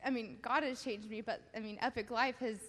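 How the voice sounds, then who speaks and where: A young woman with a slightly high voice tells her story before a church gathering, halting and laughing nervously between thoughts. Her voice rings out in a big hall with a long reverb trailing each phrase. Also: fairly even intonation, a bit bright. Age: young adult. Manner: giggly, halting, many fillers. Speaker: baptism candidate giving testimony. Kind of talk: personal testimony in church. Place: church service.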